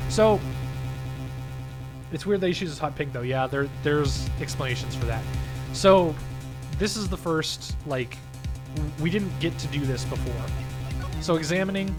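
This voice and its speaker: A man's voice: on the high side, unhurried, pauses often. Sniffly man streaming a game. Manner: loose, profane, chatty. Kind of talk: casual let's-play commentary. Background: game music.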